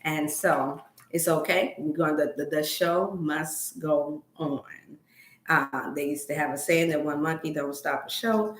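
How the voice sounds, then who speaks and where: A middle-aged woman hosts a wellness livestream from a room in her home, her low voice echoing a little as she chats in a rambling, folksy way at a measured pace. Her intonation stays fairly even, and she leads a prayer.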